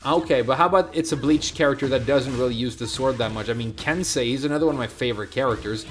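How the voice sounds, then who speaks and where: A man's voice: medium pitch, fast, faint music behind. A man from Sweden, chatting casually as a game streamer, rambling from one thought to the next and answering his chat.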